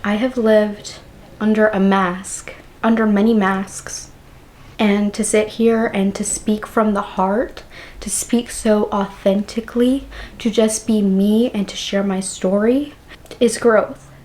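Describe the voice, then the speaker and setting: A woman speaks to her vlogging camera in an unhurried, fairly flat voice, reflecting out loud without a script. She sounds earnest and emotional, close to tears, and leaves searching pauses between thoughts. The sound comes from the on-camera mic of a compact camera. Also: mid-range voice. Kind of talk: unscripted personal reflection to camera.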